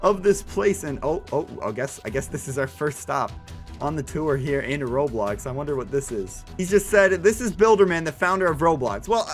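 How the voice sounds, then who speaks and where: A young man giving excited, breathless commentary while playing a video game, often repeating himself. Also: mid-range voice, normal speed, faint music behind. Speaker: gaming YouTuber.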